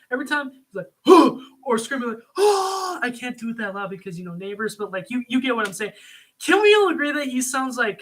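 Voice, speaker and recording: A man talking casually at home, reviewing a TV series in a rambling, excitable way with lots of fillers. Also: high-pitched. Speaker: video reviewer. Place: home room.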